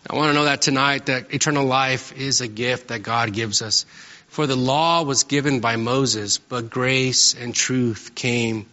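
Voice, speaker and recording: A man preaching a sermon in a church, casual and story-driven, often tagging his points with a quick "right?". His voice is bright and pushing, carried by the long reverb of a large room. The recording sounds a little dull and lo-fi. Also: medium pitch, fairly even intonation. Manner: conversational, storytelling, frequent "right?" tag questions. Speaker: pastor.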